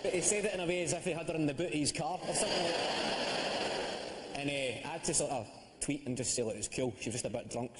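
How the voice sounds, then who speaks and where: A man's voice: on the high side, quick pace, big-room sound, background noise. A Scottish man telling wry, self-deprecating comic anecdotes on a panel show. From Scotland. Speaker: comedian panelist. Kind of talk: comic storytelling.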